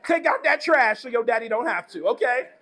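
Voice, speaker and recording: Man, high-pitched voice, pastor, casual animated sermon, slangy delivery. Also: brisk, noisy background.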